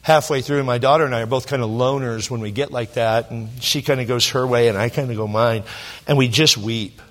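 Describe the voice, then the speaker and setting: A middle-aged Southern California pastor relates a personal story during a sermon, his mid-range voice holding a steady tone. He is emotional and halting, restarting often.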